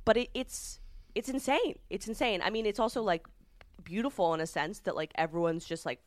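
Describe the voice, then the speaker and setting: A woman co-hosting a casual podcast chat, telling stories with animated swearing and loud quoted outbursts. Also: mid-range voice, fairly quick, no echo. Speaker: podcast co-host. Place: recording space in New York.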